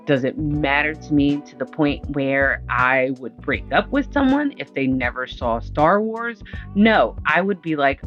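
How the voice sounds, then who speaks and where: A woman's voice: low voice, lively intonation, measured pace. A woman host reacting to a story in casual, indignant and emphatic commentary. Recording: dull lo-fi sound with faint music.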